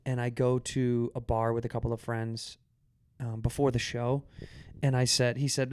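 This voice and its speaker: A man hosting a podcast, telling stories in a rambling, animated way with many restarts. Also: medium pitch, normal speed. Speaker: podcast host. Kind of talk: casual chat.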